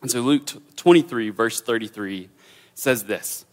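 A man's voice: mid-range voice, a little slow. A young man teaching a Bible passage in a casual, informal way, full of fillers and restarts.

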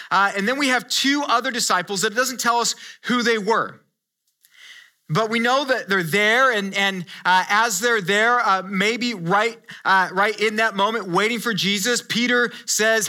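A male pastor giving a conversational sermon, telling a story with animated asides and frequent restarts. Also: high voice.

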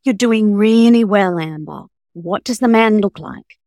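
A woman reading aloud as a female police constable questioning a victim, warm but firm and procedural. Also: medium pitch, a little slow, dry recording, clean studio sound, natural voice. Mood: calm.

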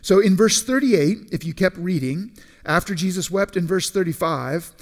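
A man preaching a sermon in a conversational way, often restarting and repeating words, and slowing down to stress key phrases. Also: high-pitched, animated, darkish tone. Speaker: pastor.

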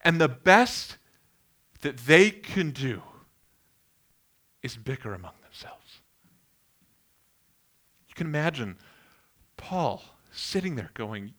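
A man's voice: medium pitch, big pitch swings, takes it slowly, pauses often, pushed and bright. A middle-aged man preaching a sermon, earnest and building emphasis on key phrases, with homely anecdotes along the way. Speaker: pastor.

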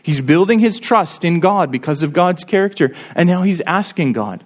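A man's voice: on the high side, expressive, moderate pace, hardly any pauses. A man preaching a sermon, earnestly explaining a psalm and reading its verses aloud with rising emphasis.

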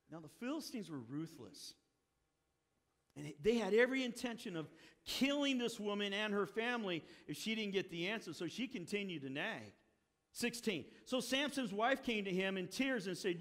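Male preacher, high-pitched, lively storyteller in sermon mode, long hall echo. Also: normal speed. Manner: storytelling, acts out quoted characters, wry asides.

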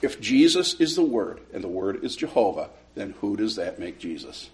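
A man teaching a Sunday school class, retelling a conversation in an animated way and often repeating words as he starts a sentence. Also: fairly low pitch, normal speed. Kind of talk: storytelling Bible lesson.

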